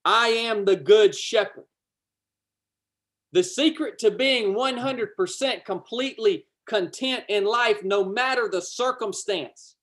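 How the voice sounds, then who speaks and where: A man with a drawl delivers a livestreamed sermon. He preaches with fervor, repeating key lines, climbing to loud declarations, then easing into chatty asides to his viewers. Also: high voice. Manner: fervent, repetitive, swells loud then drops to casual asides.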